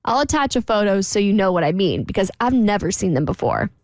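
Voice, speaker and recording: A woman co-hosting a radio talk show, reading a listener's letter aloud in a lively, chatty way. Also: mid-range voice, fairly quick, no echo. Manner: lively, chatty, laughs between lines.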